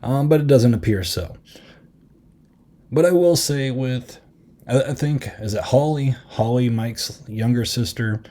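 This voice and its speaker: A man's voice: mid-range voice, unhurried, mellow. A man hosting a podcast, telling a rambling, self-deprecating story in casual chat. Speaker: podcast host.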